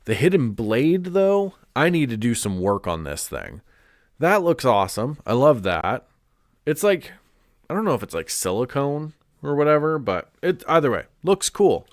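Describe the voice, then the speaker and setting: A man's voice: medium pitch, big pitch swings, normal speed, no room sound, studio quality. A man chatting casually on a live stream, congested and rambling with lots of "like" and restarts. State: stuffed up, congested.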